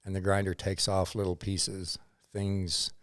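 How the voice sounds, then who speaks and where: A man's voice: sits low, little pitch movement, a little slow, no echo, studio quality. A man thoughtfully describing a craft process in a casual conversation. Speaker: knife maker on the ranch crew.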